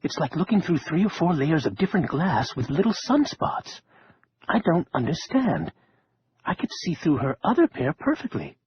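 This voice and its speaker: An eager, dorky male librarian with a bookish, jokey streak, as a male narrator voices him. His voice swoops up and down a lot and sounds raspy and dry. The sound is dull and lo-fi. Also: on the high side, sing-song, moderate pace, full character voice.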